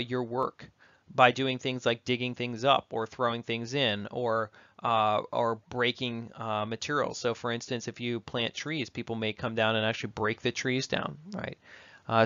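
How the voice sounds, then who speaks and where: A male university lecturer talks through a recorded lecture, easygoing and conversational, often tagging his points with a quick "right?". His voice sits at an ordinary middle pitch. The recording is dry and a little dull, with no room sound. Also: a bit bright, no room sound. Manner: conversational, frequent tag questions.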